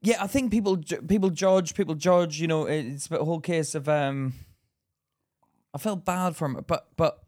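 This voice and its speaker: A young man chats on a podcast, blunt and sweary, breaking into laughter at his own tales. His voice sits a little high. He is recorded close and dry on a podcast mic. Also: moderate pace, darkish tone, no echo. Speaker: podcast co-host. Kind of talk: casual chat.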